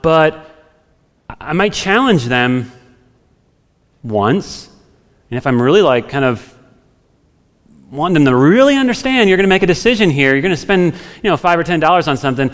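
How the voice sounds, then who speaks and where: A man's voice: a little high, a bit bright. Conversational male preacher in a reverberant hall. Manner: conversational, thinks aloud with homely examples. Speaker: pastor. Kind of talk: expository sermon.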